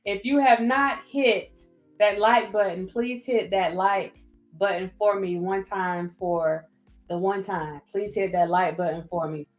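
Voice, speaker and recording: A woman's voice: medium pitch, steady tone, unhurried. A woman with a Southern US accent hosting a casual livestream, reading viewer comments and thanking people by name again and again. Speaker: livestream host. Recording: roomy echo with faint music.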